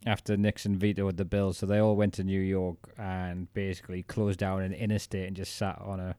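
A man co-hosts a podcast, musing and rambling as he talks things through. His voice sits fairly low. The recording is dry and close. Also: flat delivery, brisk, mellow, clean tone, dry recording. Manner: chatty, reflective, rambling. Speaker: podcast co-host. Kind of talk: casual chat.

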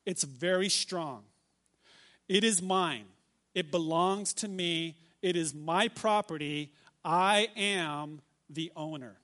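A man with a notably high voice delivers a sermon from the pulpit. He reads scripture aloud and lingers on key phrases, repeating them slowly and with emphasis. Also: pushed and bright. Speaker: pastor.

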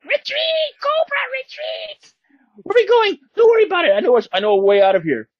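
A high, shouty villain henchman who keeps barking orders and questions in confusion, as a man puts him on. His pitch is pushed far above a normal voice and lurches up and down. The recording is dull and lo-fi. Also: very animated, a little fast, no room sound. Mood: bewildered. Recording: dull lo-fi sound.

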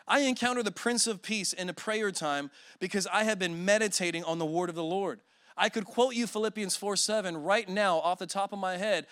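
A man's voice: sits high, fairly bright tone, clean tone, no room sound, studio quality. A man in his forties preaching a sermon as a guest speaker, telling emotional stories with self-deprecating humor.

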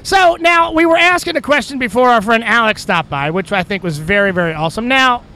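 High bright-voiced man hosting outdoors. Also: animated, a little fast. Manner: playful, laughing, stammering restarts. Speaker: podcast host. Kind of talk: casual chat. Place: outdoors at a racetrack campsite.

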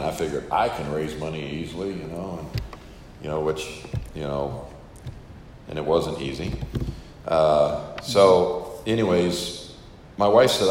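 A man's voice: low-pitched, reverberant, in a large hall, a little hiss or hum. An older man who is a missionary, casually telling a story to an audience and acting out the dialogue. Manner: casual, chatty, acts out quoted dialogue.

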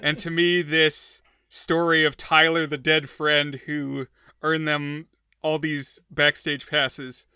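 A man's voice: on the high side, little pitch movement, slow, sharp tone, clear, resonant tone, no echo, studio quality. A man co-hosting a podcast, giving thoughtful, wry analysis in casual chat. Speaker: podcast co-host.

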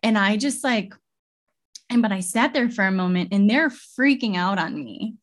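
A woman's voice: medium pitch, animated, moderate pace. Young adult woman, conversational guest sharing a story, loose and rambling with frequent restarts. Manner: rambling, filler-heavy storytelling with many restarts. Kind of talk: casual heartfelt conversation.

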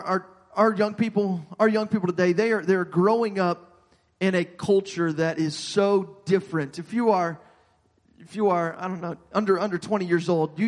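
A man's voice: high-pitched, in a large hall. A man preaching a sermon as pastor, earnest, often repeating and restarting his words.

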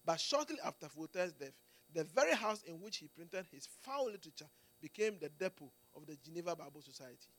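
Emphatic high-voiced preacher. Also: male voice, animated, brisk, a bit bright, dry recording. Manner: emphatic, with frequent restarts and "Amen"s and "Do you get it?". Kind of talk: sermon.

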